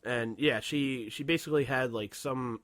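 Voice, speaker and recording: A man's voice: medium pitch, normal speed, fairly bright tone, no echo. Man, podcast co-host, rambling, swears a lot, dry close sound. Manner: profane, rambling, laughs a lot. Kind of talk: casual chat.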